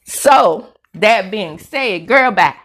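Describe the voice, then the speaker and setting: A woman's voice: medium pitch, expressive, very slow, fairly bright tone. A middle-aged woman hosting a casual celebrity gossip commentary, sassy and emphatic, full of slang asides. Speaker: host of a celebrity gossip show.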